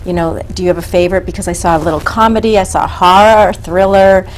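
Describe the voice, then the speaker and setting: A woman's voice: lowish voice, fairly even intonation, fast, slight background noise, rough recording. A woman interviewing an actress, asking questions with stumbling restarts. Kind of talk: casual interview.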